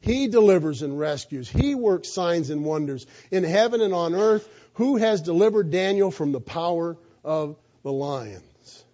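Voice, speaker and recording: High-voiced, mellow male preacher. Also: animated, a little slow, hardly any pauses, muffled recording. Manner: emphatic storytelling with rhetorical questions. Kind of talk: sermon.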